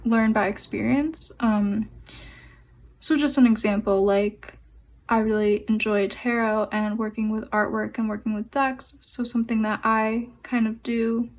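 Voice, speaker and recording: A young adult woman giving a pick-a-card tarot reading, speaking gently and meandering with fillers and pauses. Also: a little high, steady tone. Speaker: tarot and oracle card reader.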